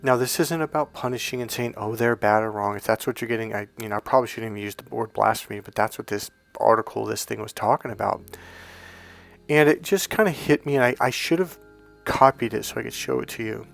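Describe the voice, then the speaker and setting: A low-pitched man with a gravelly edge talks straight to camera, telling a personal story. He is earnest and rambling and keeps stopping to correct himself. Soft music plays faintly behind him. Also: fast talker. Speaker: dating and healing coach.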